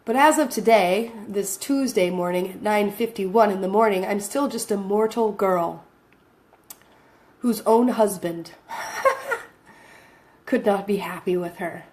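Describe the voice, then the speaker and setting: A woman's voice: mid-range voice, slow pace, pauses often, darkish tone, a little hiss or hum. A woman vlogging to her phone camera, rambling and self-deprecating as she talks casually, often laughing between thoughts.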